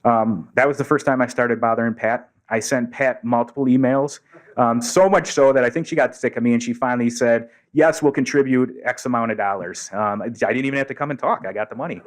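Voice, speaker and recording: A man's voice: mid-range voice, brisk. Earnest man telling a story at a podium. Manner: earnest, acts out quoted dialogue. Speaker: Rotary district governor giving a speech. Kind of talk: storytelling speech to a club audience. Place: meeting room, before a live audience.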